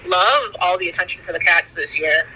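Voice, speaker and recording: Very bright-voiced woman rambling on a call. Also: fairly low pitch, wildly swooping pitch, brisk, vocal fry, husky, rough recording. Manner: rambling, lots of "like", swears casually. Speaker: friend on a call. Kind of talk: casual chat.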